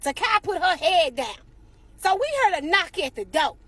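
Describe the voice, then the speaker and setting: Very high-voiced woman telling a comic tale. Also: moderate pace, dry recording. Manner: animated, exasperated, acts out each quote. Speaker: storyteller. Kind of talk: comic storytelling vlog.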